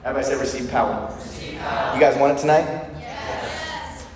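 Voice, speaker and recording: A man preaching a sermon, telling stories with lively call-and-response to his congregation. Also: mid-range voice, brisk, crowd noise. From Lancaster County, Pennsylvania. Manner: energetic, storytelling with call-and-response. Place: large hall with audience. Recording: echoey hall recorded from far off.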